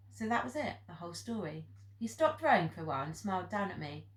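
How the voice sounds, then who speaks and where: A woman reading a children's novel aloud in a steady, plain narrative voice, recorded in an echoey room. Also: lowish voice, fast talker, slight background noise. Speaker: audiobook reader. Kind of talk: storybook narration.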